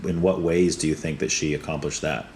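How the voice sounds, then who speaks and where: A man hosting a casual podcast chat, asking probing questions and gently pushing back. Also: a bass voice, steady tone, a little fast, a little hiss or hum. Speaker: podcast host.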